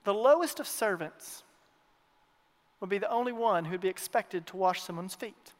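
A male pastor preaching in a church with a strikingly high voice. He swings from loud declarations to hushed asides and repeats his phrases. Long reverb from the hall hangs behind every line. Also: normal speed. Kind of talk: sermon.

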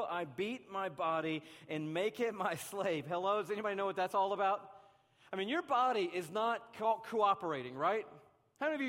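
Animated male pastor in a reverberant hall. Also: high voice. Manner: animated, acts out voices, swings between loud and hushed. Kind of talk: sermon. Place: large church hall.

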